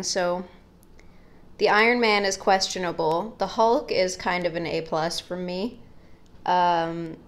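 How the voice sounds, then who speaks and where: A young woman casually showing her sketchbook, talking in a rambling, jokey way with plenty of asides and fillers. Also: lowish voice. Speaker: art vlogger.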